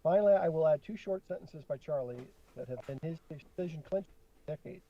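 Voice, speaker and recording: A middle-aged man co-hosting a podcast with his son, reading a letter aloud slowly and chatting between passages. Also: on the high side. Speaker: podcast co-host, father. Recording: dull lo-fi sound.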